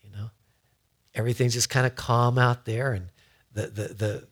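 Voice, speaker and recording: A man's voice: medium pitch, steady tone, moderate pace, slightly rough. A man giving a conversational sermon in a folksy way, often repeating words as he builds a point. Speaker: preacher.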